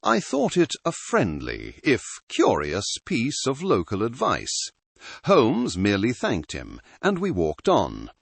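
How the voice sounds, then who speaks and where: A man giving measured, literary storytelling as a scripted narration. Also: medium pitch, huge pitch swings, gravelly, husky, no echo.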